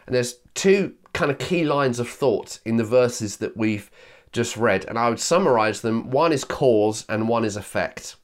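Male preacher, from Yorkshire, England, sermon, medium pitch, slows on key phrases, repeats main lines. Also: animated. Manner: slows down to stress key phrases, quickens for asides. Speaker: pastor.

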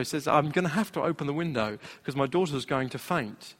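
Pastor preaching in an echoing hall. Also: male voice, fairly high pitch, fast. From Britain. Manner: storytelling, animated, laughing at his own anecdote. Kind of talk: sermon with a personal story. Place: church hall. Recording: long hall reverb.

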